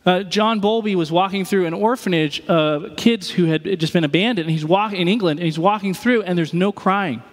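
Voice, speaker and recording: A man's voice: sits high, normal speed, hardly any pauses, in a large hall. A man preaching a sermon as pastor, conversational, and he acts out the voices he quotes.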